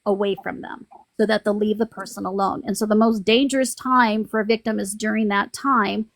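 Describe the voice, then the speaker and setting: A woman's voice: mid-range voice, steady tone, brisk, gravelly, no room sound. A woman hosting a livestream, venting in a rambling, frustrated way with many restarts. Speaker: livestream host. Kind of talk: casual live-stream venting.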